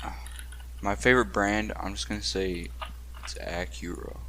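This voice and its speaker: A man's voice: fairly low pitch, fairly even intonation, normal speed, gravelly, pushed and bright, slight background noise. A young man co-hosting a podcast over a call, answering questions briefly and hesitantly. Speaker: podcast co-host. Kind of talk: casual chat over a call. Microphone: call audio.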